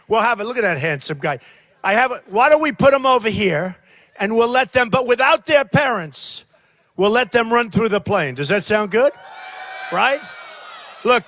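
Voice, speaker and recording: Older man, campaign rally speech, high-pitched, sharp bright tone, repetitive and rambling. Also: expressive, normal speed. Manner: rambling, repetitive, talks straight to the crowd. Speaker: political candidate. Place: large rally crowd by a plane.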